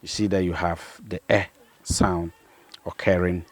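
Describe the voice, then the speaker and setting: A man, a pastor, patiently explaining vowel sounds and repeating each example word slowly. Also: low-pitched, level tone. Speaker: pastor and language teacher.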